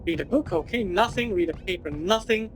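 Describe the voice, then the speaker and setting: A woman's voice: mid-range voice, expressive, brisk, soft background music, rough recording. A woman playing a video game, reading its text aloud and adding dry remarks. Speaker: gaming channel host.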